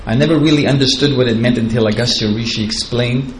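A man's voice: medium pitch, fast talker, a little hiss or hum, low-quality recording. A man giving a devotional lecture, retelling scripture in a chatty, digressive way and chuckling at his own asides. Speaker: spiritual teacher.

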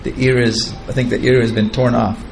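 Man, spiritual teacher, devotional storytelling, chatty and digressive, chuckles often, middle-pitched, faint background hum. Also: little pitch movement, a little fast, creaky, rough recording. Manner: chatty and digressive, chuckling at his own asides.

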